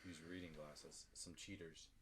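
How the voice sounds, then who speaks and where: A man's voice: sits low, little pitch movement, normal speed. Teasing man over background noise. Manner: dry, teasing quips. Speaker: podcast co-host. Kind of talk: casual drinking-show banter.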